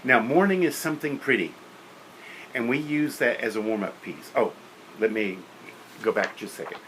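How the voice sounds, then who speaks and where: A man's voice: mid-range voice, normal speed, a bit bright, slight background noise, low-quality recording. A man lecturing on teaching beginner band, practical and opinionated, counting and singing rhythms aloud. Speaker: music teacher.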